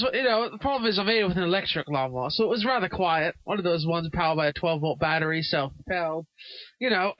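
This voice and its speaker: In a parked car, a young man with a high voice improvises a comedy sketch as a talk show guest, using a put-on English-Australian accent. He rambles and stuffs every pause with "you know," and the lo-fi recording has no room sound.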